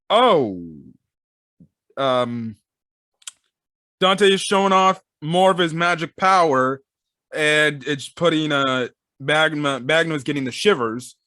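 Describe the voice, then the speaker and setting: A man hosting a casual manga reaction, reading along and breaking into excited exclamations. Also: fairly high pitch, takes it slowly, pauses often, no room sound, studio quality. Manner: excitable, bursts into loud exclamations. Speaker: manga reaction channel host.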